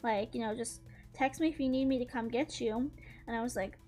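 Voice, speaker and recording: A young woman with a high, light voice tells a casual storytime as she draws, piling on "like" fillers and breaking into giggles. A faint bed of music plays underneath her. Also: brisk, darkish tone. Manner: rambling, many "like" fillers, giggly. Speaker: YouTuber. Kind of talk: casual storytime while drawing.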